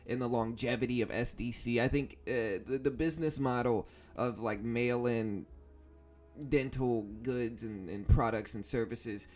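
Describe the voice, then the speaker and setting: A young man from South Louisiana with a Southern accent, hosting a stock trading livestream in a relaxed, rambling way with many fillers. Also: mid-range voice, measured pace, faint music behind. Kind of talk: casual livestream chat.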